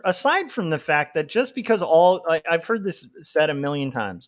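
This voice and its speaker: A man's voice: a little high, very animated, moderate pace, hardly any pauses, fairly bright tone. Heated rambling man on a livestream. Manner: rambling and heated, lots of "like" fillers. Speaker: comic artist livestreamer. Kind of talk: casual livestream rant.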